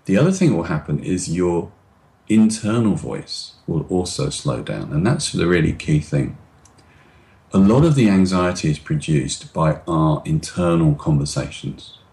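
Very deep-voiced man explaining calmly. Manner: demonstrative, acts out anxious voices and slows down on purpose. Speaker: guest expert. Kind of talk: explanatory interview talk.

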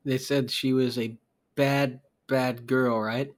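A man's voice: mid-range voice, level tone, slow. A man co-hosting a casual review podcast, dropping dry, offhand remarks. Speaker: podcast co-host. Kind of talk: casual wrestling review chat.

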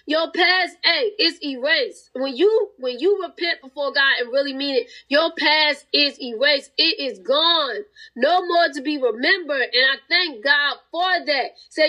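Hosting a podcast from home, a woman passionately testifies to her faith, preaching to her listeners and occasionally crying. Her high voice is expressive and sharp in tone, her speed is normal, and the audio is poor.

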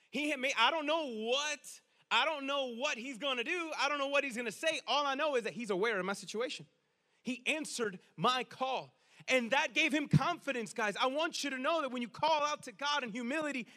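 Brief: male preacher, conversational sermon delivery, high, sharp voice. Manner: energetic, conversational, addresses the crowd as guys.

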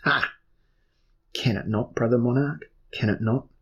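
A man voicing a proud, frightened sorcerer earl who shouts orders in a raised, urgent voice, gravelly and husky. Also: mid-range voice, normal speed, dull audio. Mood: commanding.

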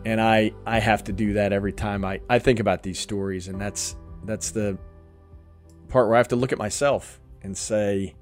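Low-voiced man telling a faith story. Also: steady tone, normal speed, faint music behind. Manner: earnest, emotional, acts out quotes. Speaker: podcast host. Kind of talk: storytelling in a faith podcast chat.

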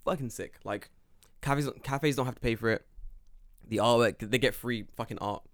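A young British man co-hosting a casual podcast, telling stories with lots of swearing and quick impressions of people. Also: medium pitch, no echo, studio quality. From United Kingdom. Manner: animated storyteller, mimics people, swears freely. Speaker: podcast co-host. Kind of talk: casual chat.

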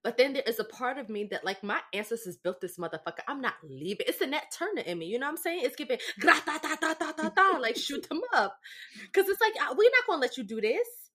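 A young adult woman co-hosting a podcast, telling stories in a lively, profane, casual way and often asking "right?". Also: fairly high pitch, fast talker. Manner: animated, profane storytelling with lots of "right?". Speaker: podcast co-host. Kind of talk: casual chat.

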